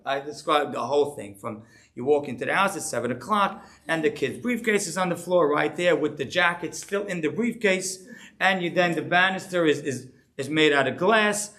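A middle-aged rabbi giving a conversational, animated sermon. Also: male voice, fairly high pitch. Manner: animated, conversational preaching with rising emphasis.

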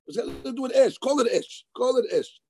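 A man teaching Talmud in a lively study session, mixing Hebrew terms into his English. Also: very high voice, fairly quick, slightly rough. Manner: animated, excitable, mixes Hebrew terms into English.

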